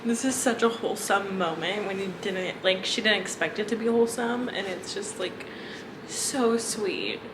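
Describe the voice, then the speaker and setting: A young woman talks through her reading in a casual vlog, emotional and gushing, quick to laugh. Her voice sits at a middle pitch. The room is echoey, with a steady background hum. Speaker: book vlogger.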